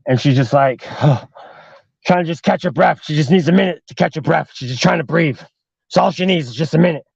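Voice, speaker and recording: A man's voice: sits high, gravelly, no echo, highs cut off. A man hosting a podcast, telling a horror story casually with heavy swearing and lots of "like". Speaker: podcast host.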